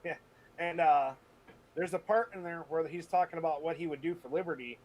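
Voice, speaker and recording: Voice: medium pitch, brisk, darkish tone. A co-host in casual chat, joking crudely and laughing often. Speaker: podcast co-host.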